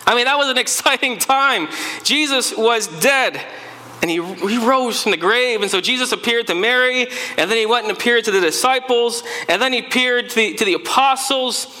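A man's voice: extremely high pitch, bright, forceful tone, big-room sound, heavily acted, low-quality recording. A man playing an earnest male follower of Jesus who tells of the resurrection in a dramatic first-person sermon monologue. He repeats words as he gets stirred. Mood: joyful. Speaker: preacher in first-person character.

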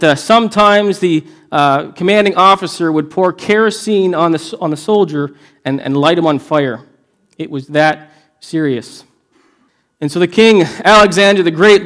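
A man preaching a sermon, earnest and emphatic, often restarting his phrases. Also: a little high. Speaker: pastor.

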